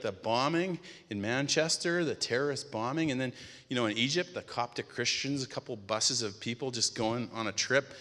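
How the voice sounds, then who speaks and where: Middle-aged man, guest preacher; casual, chatty storytelling delivery with a bright, forceful tone; church hall with a long reverb tail. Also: medium pitch. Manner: casual, storytelling, animated quoting of himself. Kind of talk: conversational sermon with anecdotes. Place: church sanctuary. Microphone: stage microphone.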